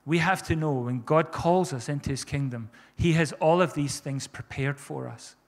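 Pastor, male, higher register, fervent preaching with repeated emphatic phrases, reverb of a church hall. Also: moderate pace. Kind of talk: sermon.

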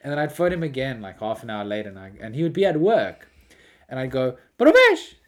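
Lively man telling stories. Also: medium pitch, quick pace. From South Africa. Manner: animated storyteller, laughs often. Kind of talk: casual chat.

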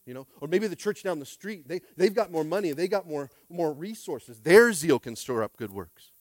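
A male pastor delivering a sermon, casual and conversational, who moves between loud calls and quiet asides and keeps asking the congregation for a response. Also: on the high side, normal speed, no echo. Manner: animated preaching, swinging from shouts to quiet asides; casual, conversational phrasing with frequent restarts.

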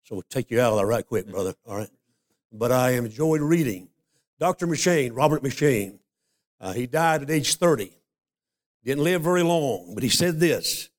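An older man preaching a sermon, a folksy storyteller who slows down to stress scripture. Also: mid-range voice, expressive. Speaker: pastor.

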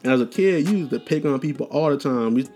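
A man's voice: medium pitch, lively intonation, fast, dark tone, soft background music. A young man hosting a casual storytelling podcast, talking loose and profane with slang, restarts and tangents. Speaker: podcast host.

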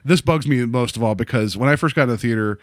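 A man chatting casually about a movie, animated and rambling, full of fillers and restarts. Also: mid-range voice, quick pace, no room sound, studio quality.

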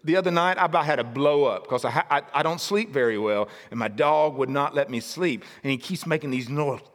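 A man preaching a sermon in a casual, jokey storytelling way, breaking into shouted outbursts. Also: a little high, a little fast, long reverb tail. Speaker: pastor.

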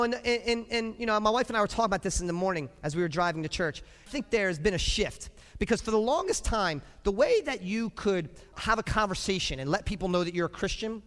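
A middle-aged man preaching a sermon as pastor, emphatic, repeating phrases and breaking into loud cheers. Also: high-pitched. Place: church sanctuary. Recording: long reverb of a church hall.

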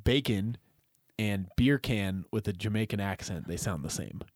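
A man's voice: on the low side, normal speed, dry recording, clean studio sound. A man co-hosting a podcast in casual banter, riffing loosely and swearing freely. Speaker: podcast co-host.

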